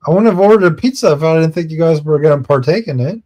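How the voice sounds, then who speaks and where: A man streaming, telling a rambling casual story and acting out his friends' lines in quick quotes, laughing and swearing now and then. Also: on the high side, a little mellow.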